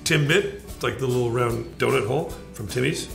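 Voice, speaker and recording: A man's voice: mid-range voice, fairly quick, creaky, fairly bright tone, faint music behind. A man, joking through a list of slang words and slipping into folksy voices for the examples. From Canada. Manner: playful, slips into folksy voices for example phrases. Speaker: celebrity in a magazine video clip. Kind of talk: comic explainer of slang.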